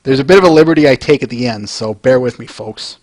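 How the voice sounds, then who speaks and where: A man's voice: medium pitch, quick pace, no echo. A man hosting a comic reading who talks casually to his viewers and often laughs. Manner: chuckles often, chatty asides to viewers. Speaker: host reading comics aloud. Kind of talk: casual chat.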